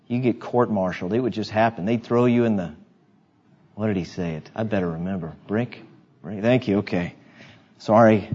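A man's voice: fairly low pitch, warm tone, lo-fi sound. A male pastor preaching a sermon in an emphatic, conversational way, with asides to his congregation.

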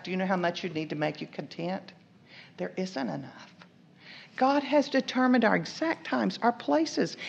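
A woman preaching a sermon, telling the story with lively asides, acting out the characters' lines and asking the listeners questions. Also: mid-range voice, creaky. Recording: dull lo-fi recording.

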